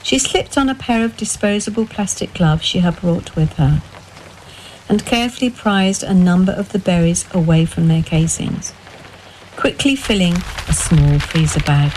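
A woman narrating a dark domestic story in a measured, expressive way. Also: on the low side, slight background noise, rough recording. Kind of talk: scripted narration.

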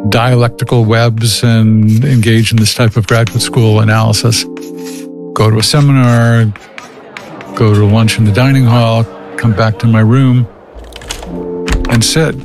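A man telling the story of his past in a reflective, halting way, often repeating and restarting phrases. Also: medium pitch. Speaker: interviewee recounting his past.

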